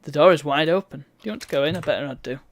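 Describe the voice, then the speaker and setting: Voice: medium pitch, rapid-fire, dry recording. A streamer giving wry, bemused commentary while reading a game's text aloud. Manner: wry, bemused asides between read-out lines.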